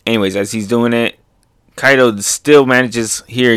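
A young man excitedly reacting to a comic chapter, laughing often and making sound effects. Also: medium pitch, unhurried, smooth, dry recording, studio quality.

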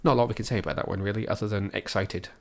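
A man's voice: fairly low pitch, rapid-fire, gravelly. A man hosting a podcast, chatting casually and jokily about film news and trailers. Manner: chatty, joking, rattles off news. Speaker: podcast host.

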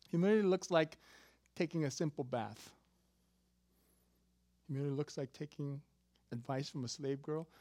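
Pastor in his fifties, a bit high-voiced and lively, dry close sound, jokey sermon delivery. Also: measured pace, long pauses, no room sound. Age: 50s. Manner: animated, jokey, swings between loud emphasis and quiet asides.

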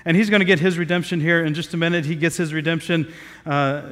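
Man preaching, from Southeast Ohio, casual and rambling, fairly high voice, long echoing reverb. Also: steady tone, quick pace, a bit bright. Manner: conversational, with many fillers and restarts. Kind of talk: sermon. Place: outdoor square.

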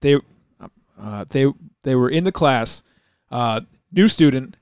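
A man co-hosting a podcast, chatting casually with joking, animated asides. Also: medium pitch, takes it slowly, clear, resonant tone, no room sound, studio quality. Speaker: podcast co-host. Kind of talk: casual chat.

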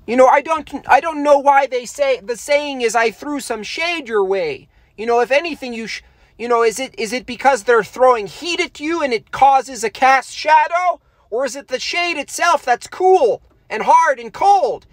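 Man, high voice, dry close sound, rambling deadpan artist streaming while he draws. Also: normal speed, no room sound. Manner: rambling, deadpan jokes, trailing fillers. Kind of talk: casual rambling stream chat.

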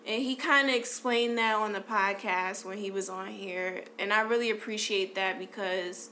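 A woman's voice: medium pitch, normal speed, slight background noise. A woman hosting a podcast, chatting casually and loosely with lots of slang and fillers. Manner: relaxed, slangy, lots of "like" and "you know". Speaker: podcast host.

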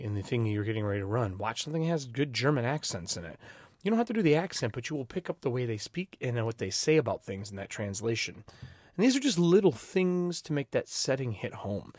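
A man's voice: medium pitch, no echo, clean studio sound. A man giving casual, emphatic advice on running tabletop games, swearing now and then. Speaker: game master giving advice.

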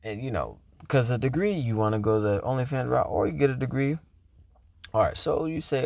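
A man who works as a teacher, telling a story casually, with profanity and animated quoted voices. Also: mid-range voice, brisk, creaky, no room sound.

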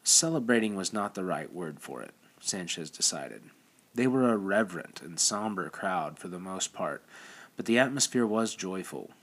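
A man narrating an audiobook in a steady, measured reading style. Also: low-pitched. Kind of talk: scripted narration.

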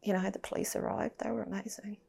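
A woman's voice: medium pitch, level tone, fast talker, vocal fry, warm tone, slightly rough. A woman telling a personal story as a podcast guest, candid and emotional, swearing and sometimes dropping to a near-whisper.

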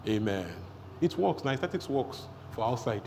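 A man with a Nigerian accent preaching a sermon, energetic, breaking into rapid tongues and shouts. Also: mid-range voice, creaky. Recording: long hall reverb, faint noise.

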